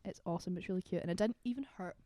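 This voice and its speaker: A woman's voice: lowish voice, very fast, warm tone, no echo. A young Scottish woman co-hosting a casual book podcast, bubbly and gushing, laughing easily. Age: young adult. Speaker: podcast co-host. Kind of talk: casual chat.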